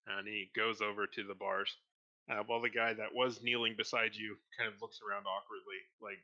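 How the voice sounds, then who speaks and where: A man narrating as dungeon master, relaxed and hesitant, with many fillers. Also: on the low side, normal speed. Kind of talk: narrating a tabletop game. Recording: dull lo-fi mic.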